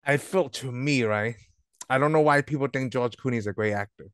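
A man's voice: mid-range voice, a little fast, smooth, dry recording, clean studio sound. A man co-hosting a casual podcast about movies, rambling and laughing often as he trails off mid-sentence. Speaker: podcast co-host. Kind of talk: casual movie review chat. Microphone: own microphone, remote call.

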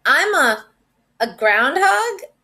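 A woman voicing a lost little male dog in a read-aloud storybook, pleading in a high, anxious voice. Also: big pitch swings, very slow, pushed and bright, full character voice. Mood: worried.

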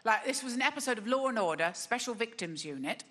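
A woman's voice: a little high, animated, fast talker, pushed and bright, long reverb tail. A woman comedian performing a wry, chatty stand-up routine on a large theatre stage. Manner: wry, conversational, chatty asides.

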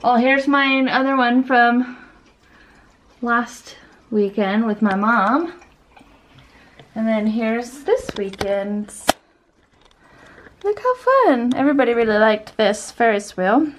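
A woman's voice: a little high, takes it slowly, pauses often, low-quality recording. Young woman vlogging from a car at night, giggly, lots of background noise. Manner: giggly and chatty. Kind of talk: casual chat.

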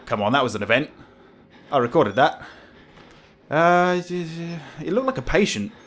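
A man's voice: a little high, animated, unhurried, fairly bright tone. A man commentating a horror game as he plays, jumpy, swearing, laughing nervously. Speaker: gamer playing a horror game. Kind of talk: let's play commentary.

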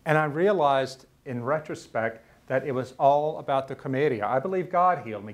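Middle-aged man, mid-range voice; earnest lecturer who stumbles and repeats words in emotional stretches. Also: mid-range voice. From Louisiana, US South. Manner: earnest, halting, repeats words when moved. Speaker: author giving a lecture. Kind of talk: personal storytelling lecture. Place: university lecture room.

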